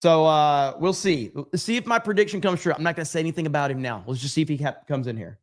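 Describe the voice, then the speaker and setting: A man's voice: on the high side, animated, fairly quick. A man hosting a livestream, chatting casually and reading out viewer comments in a loose, profane, rambling way. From United States. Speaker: livestream host.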